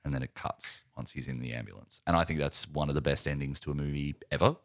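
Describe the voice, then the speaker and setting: A man's voice: rumbling low, fast, gravelly, no echo, studio quality. A man co-hosting a casual film podcast, talking at length and with enthusiasm. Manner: enthusiastic, monologues at length, reads script aloud. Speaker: podcast co-host.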